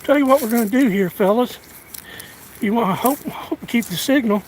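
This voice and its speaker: A man out of breath, chatting casually on a live stream while walking his rural land, pausing and restarting often. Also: extremely high pitch, low-quality recording. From United States. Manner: halting, drawling, many restarts and fillers. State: out of breath, winded. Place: outdoors on rural land in strong wind. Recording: outdoor phone audio with loud wind.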